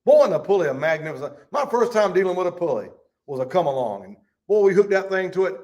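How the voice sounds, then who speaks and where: A folksy man leads a Bible study and reads scripture aloud. His voice sits a bit high for a man, and he leans hard on key words. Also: big pitch swings, fast, a little mellow.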